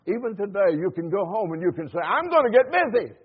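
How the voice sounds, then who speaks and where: A man's voice: sits high, sing-song, quick pace, hardly any pauses, breathy edge. A man preaching a sermon, firing repeated questions at the congregation and reading scripture in an old-fashioned cadence. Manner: impassioned, repeating rhetorical questions. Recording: tinny phone-like sound.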